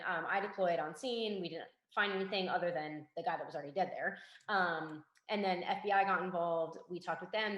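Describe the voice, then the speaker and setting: A young woman with a fairly low voice, a guest who works as a forensic investigator and K9 handler, tells a story in a casual interview. She acts out the quoted dialogue in a lively way, and the recording has a roomy echo.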